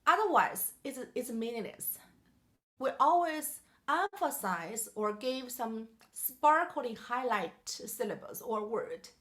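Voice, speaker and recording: A woman's voice: on the high side, expressive, takes it slowly, pushed and bright. A woman teaching a piano masterclass, singing melodies on syllables and questioning her student in simple English. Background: piano playing.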